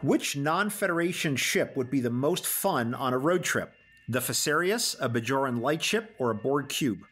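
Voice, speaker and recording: A man's voice: medium pitch, expressive, normal speed, fairly bright tone, breathy edge. A man hosting a podcast interview, playfully announcing a mock game-show quiz in a theatrical way. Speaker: podcast host.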